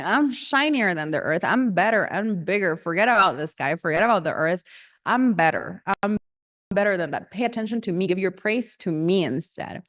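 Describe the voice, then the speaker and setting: A woman's voice: medium pitch, dry recording, close to an everyday voice. A woman voicing a vain, boastful male macaw lord who brags about himself. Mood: preaching. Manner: bragging, self-praising.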